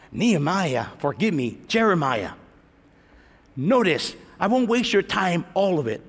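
A man pastor preaching a sermon to a congregation in a large church, animated, acting out prayers and teasing the listeners. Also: on the high side, a little slow, husky. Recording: long reverb of a large hall.

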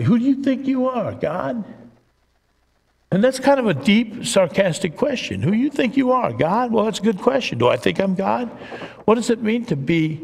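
A male pastor preaching in a church, his voice gravelly and slightly high. He explains a passage point by point, then climbs to excited emphasis. The sound rings with the long echo of a large hall. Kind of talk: sermon.

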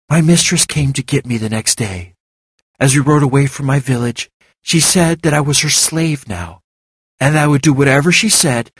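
A man voicing a hurt young woman who grew up a slave, talking low and guarded. His voice is husky and breathy, and the reading sits dry and close to the mic. It is a storybook voice for a heroine who keeps her pain held in. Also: no echo, lightly acted. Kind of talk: audiobook character reading.

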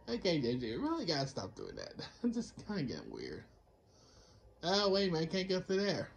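A man giving excitable let's play commentary, laughing and scolding himself often. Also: fairly high pitch, a little fast, vocal fry. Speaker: gamer.

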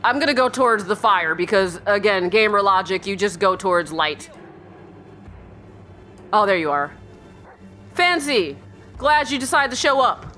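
Lively, bright-voiced woman gaming. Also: medium pitch, moderate pace, pauses often, faint music behind. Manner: jumpy, yelps and shrieks, then drops to a hushed mutter; talks to her in-game dog. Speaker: let's play streamer. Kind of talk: horror game let's play commentary.

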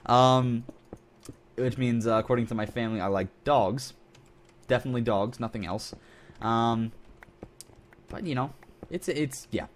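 A young man chatting his way through a video game, loose and jokey. He rambles, backtracks and corrects himself as he talks, at a mid-range pitch. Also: unhurried, pauses often. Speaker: gaming channel host. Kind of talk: casual game commentary.

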